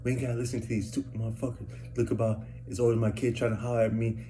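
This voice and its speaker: A fed-up, foul-mouthed middle-aged woman, put on by a man mutters curses under her breath in a hushed, grumbling voice. She sounds worn out and irritable, keeping her words low and rough. His voice sits a little above his usual low tone. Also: level tone, rapid-fire, a little hiss or hum, close to an everyday voice.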